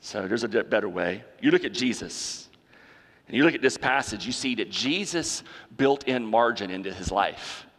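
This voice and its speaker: Bright-voiced preacher in a reverberant hall. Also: male voice, fairly low pitch, expressive, normal speed. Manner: preaching with emphatic repetition and rhetorical questions. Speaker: pastor. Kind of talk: sermon.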